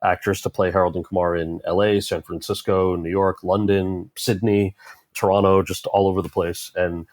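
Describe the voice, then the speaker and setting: A man in his forties, an actor guest in an interview, telling stories in a conversational way and acting out quoted lines with animated jumps in pitch. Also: moderate pace, no echo. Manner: animated, acts out quoted voices with rising pitch.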